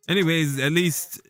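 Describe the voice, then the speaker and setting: Man, fan vlog host, rambling casual talk, slightly high voice, faint music underneath. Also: fairly bright tone. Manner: rambling, loose, with many fillers and restarts. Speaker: football vlogger. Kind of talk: casual solo commentary.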